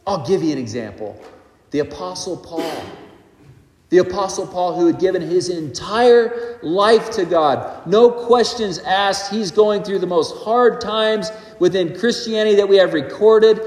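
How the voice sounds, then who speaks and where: Animated man preaching in an echoey hall. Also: sits high, a little slow. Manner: animated preaching, rising and dropping in loudness. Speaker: pastor. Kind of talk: sermon. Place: church hall.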